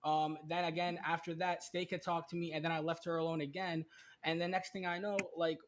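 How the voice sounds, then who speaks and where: A man's voice: on the high side, level tone, a little fast, a little hiss or hum. A man in a played clip, recounting events in a defensive, matter-of-fact way.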